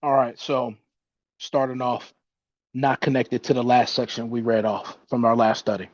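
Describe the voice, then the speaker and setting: A man's voice: mid-range voice, little pitch movement, normal speed, no echo. A man working through scripture in a casual Bible study. He hesitates and restarts, feeling his way toward each point. The sound is dull and dry, as if the recording has little room around it. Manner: hesitant, self-correcting, with fillers.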